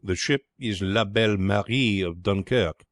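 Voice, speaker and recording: A man's voice: on the low side, a little slow, dry recording, natural voice. A man voicing a blunt, commanding sea captain. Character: brusque middle-aged privateer ship captain, mocking.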